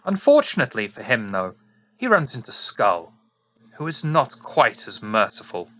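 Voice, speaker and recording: A man's voice: mid-range voice, normal speed. A man running a tabletop horror game as game master, narrating and joking with the players. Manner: playful, joking, lively narration.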